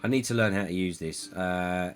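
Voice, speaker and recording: A man's voice: deep voice, normal speed, a little hiss or hum. A man streaming a city-building game, thinking aloud in a rambling, self-deprecating way. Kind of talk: live gameplay commentary.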